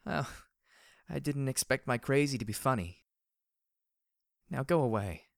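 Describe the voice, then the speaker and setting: A man's voice: mid-range voice, expressive, measured pace, gravelly, no echo, clean studio sound, pitched above the performer's own voice. A man voicing a worn-out, strained pony hero in an audiobook. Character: frazzled, weary pony wanderer, the hero. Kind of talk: audiobook character voice.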